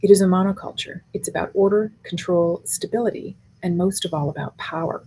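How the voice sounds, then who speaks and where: A middle-aged woman and university professor giving a conference keynote lecture, articulate and measured, building her points in spoken lists. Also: lowish voice, warm tone, slight background noise.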